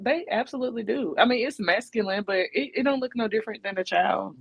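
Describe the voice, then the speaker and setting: A woman's voice: on the high side, fast, vocal fry, husky, lo-fi sound. A woman co-hosting a casual relationship podcast, talking in a chatty, rhetorical way and often checking in with her listener. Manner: chatty, rhetorical, keeps asking "you know what I'm saying". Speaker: podcast co-host.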